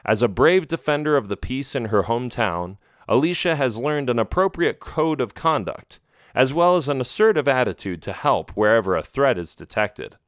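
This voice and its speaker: A man reading a children's adventure audiobook in a steady, measured way. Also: mid-range voice, dry recording, studio quality. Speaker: audiobook narrator. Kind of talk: storybook narration.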